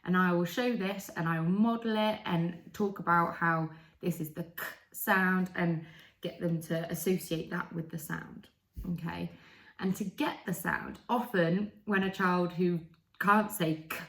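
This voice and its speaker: A woman explaining and slowly demonstrating speech sounds as a speech therapist. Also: fairly low pitch. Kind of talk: instructional explainer. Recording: echoey room.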